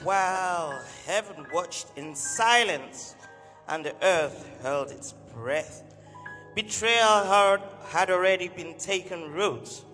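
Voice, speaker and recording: A man gives grave, dramatic narration in an unhurried, very slow rhythm. His pitch is high and lively with a bright edge. Long reverb and music fill the hall around him. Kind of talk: solemn scripted narration.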